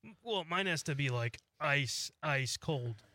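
A man's voice: fairly high pitch, animated, a little slow, sharp tone, dry recording, studio quality. A man co-hosting a radio show who teases the host and laughs often. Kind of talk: casual studio banter. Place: radio studio.

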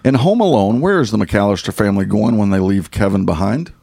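Quiz host: American man, Northern US accent, gravelly husky voice, jokey and easily tickled. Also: fairly low pitch, lively intonation, fairly quick, dark tone. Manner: jokey, laughs often, stumbles over questions. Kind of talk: casual Christmas trivia quiz.

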